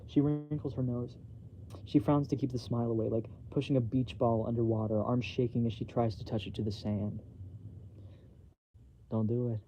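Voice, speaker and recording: A man's voice: medium pitch, flat delivery, brisk, noisy background. A man reading his own novel aloud as a bedtime story, plainly and a little self-consciously, with small slips, in a dull home recording.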